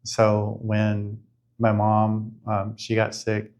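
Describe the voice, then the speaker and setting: Man, middle-aged, gravelly, flat delivery, candid, reflective, casual swearing. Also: fairly low pitch, extremely slow. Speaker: guest sharing his life story. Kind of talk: candid conversational storytelling.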